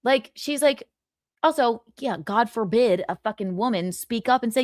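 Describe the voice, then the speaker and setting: Lively, blunt woman hosting a gossip stream. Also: a little high, normal speed, dry recording, clean studio sound. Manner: blunt, sarcastic, swears freely. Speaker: livestream host. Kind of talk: casual gossip chat.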